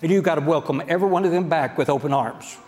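A man's voice: a little high, fast, darkish tone. A man preaching a sermon in a church sanctuary, speaking in a folksy, direct way and often checking in with the congregation. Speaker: pastor. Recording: long church-hall reverb.

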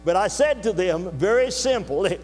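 An older man preaching a sermon to his congregation, telling a story in a folksy, earnest way and pausing to ask the listeners questions. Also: high-pitched, expressive. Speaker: pastor. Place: church sanctuary. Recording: reverberant hall with faint mains hum.

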